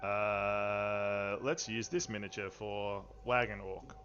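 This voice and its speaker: A man narrating a tabletop game as game master, unhurried and easygoing, with frequent fillers and chuckles. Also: on the low side, flat delivery, fairly bright tone, soft background music. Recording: dull lo-fi stream audio.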